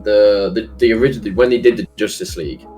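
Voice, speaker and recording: A man's voice: lowish voice, fast talker, mellow, soft background music. A man talking as a guest on a casual stream, hesitant, with many restarts and self-deprecating laughs. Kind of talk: casual chat.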